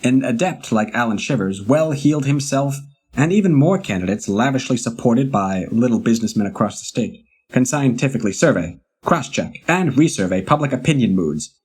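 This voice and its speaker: Male reader with a husky voice, mid pitch, steady and deliberate in his reading. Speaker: reader of a historical article. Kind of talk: reading a magazine article aloud.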